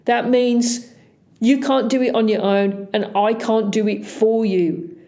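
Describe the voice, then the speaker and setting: Woman dentist, mellow tone, deliberate and emphatic, leans hard on key words. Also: fairly high pitch, steady tone. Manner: emphatic, lecturing, repeats key words for stress. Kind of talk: health explainer.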